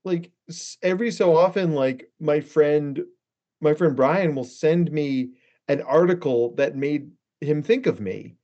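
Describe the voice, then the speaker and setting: A man's voice: fairly high pitch, unhurried, warm tone, muffled recording. A man who is a guest therapist on a podcast, telling long rambling stories in a casual chat, swearing freely and saying "like" and "right?" a lot.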